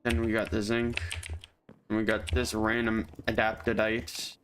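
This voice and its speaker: Laughing often, a gaming streamer jokes with and teases his viewers, replying to chat as he plays. His voice is on the low side, monotone, and fairly bright, a little slow, with a bit of hiss or hum.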